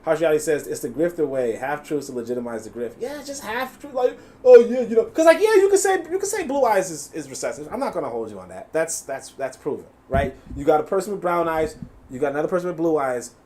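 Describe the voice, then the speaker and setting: A man's voice: on the high side, fast, slight background noise. A man hosting a live reaction stream, reading chat comments aloud and mocking what he hears, swearing and laughing as he goes. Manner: animated, mocking, swears freely, laughs often.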